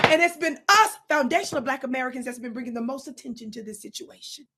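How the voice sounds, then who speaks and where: A woman giving forceful social media commentary, with a warning tone. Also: high-pitched, fairly quick, few pauses, slightly rough.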